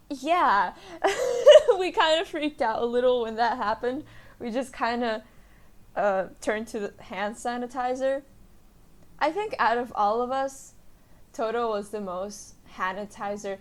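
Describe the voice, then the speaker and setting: Giggly young woman rambling on a podcast. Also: fairly high pitch. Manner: rambling, self-mocking, giggly. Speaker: podcast host. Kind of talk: casual solo podcast chat.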